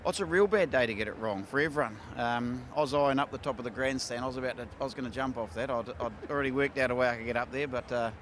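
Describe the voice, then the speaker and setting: A man's voice: medium pitch, fast, hardly any pauses, fairly bright tone, a little hiss or hum. A man, a racehorse trainer talking candidly after a big win, with lots of fillers and restarts. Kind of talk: casual post-race interview. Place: outdoors at a racecourse.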